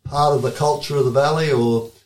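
A man's voice: mid-range voice, fairly even intonation, a little fast, darkish tone. Male interviewer in a roomy space. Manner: prompting, explains context for listeners. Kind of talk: interview questions. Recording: roomy echo.

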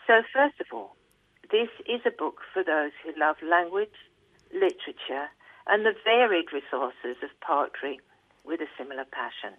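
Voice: medium pitch, lively intonation, measured pace, dry recording. Reviewer reading aloud over a tinny line. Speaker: book reviewer. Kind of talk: scripted book review read aloud. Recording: tinny phone-like line, dry.

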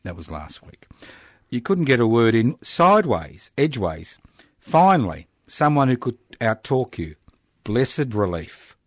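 A man's voice: mid-range voice, very animated, unhurried, no room sound. A man in his sixties with an Australian accent, hosting a casual community radio chat in a studio, teasing and jokey. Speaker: radio host.

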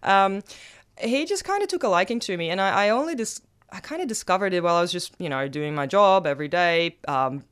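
Chatty woman, smooth clear voice. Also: a little fast. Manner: animated, lots of fillers and laughs, pitch jumps when excited. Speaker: former aquarium diver and marine scientist. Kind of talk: casual conversational storytelling.

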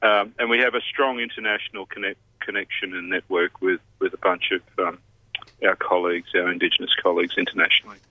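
A man, an institute head interviewed on radio, explaining things in a measured way with many pauses. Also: low voice, little pitch movement, dry recording. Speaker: CEO of a health research institute. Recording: muffled phone line.

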